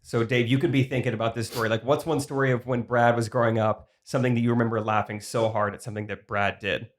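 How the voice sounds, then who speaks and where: A man's voice: medium pitch, fairly even intonation, fast. Young male podcast host prompting guests. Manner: prompting, loose and talkative. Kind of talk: casual chat.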